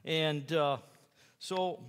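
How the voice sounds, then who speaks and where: A man's voice: fairly high pitch, fairly even intonation, extremely slow, long reverb tail. A man who preaches in jails tells his personal testimony in a folksy, rambling way, acting out the lines of other people. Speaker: jail preacher.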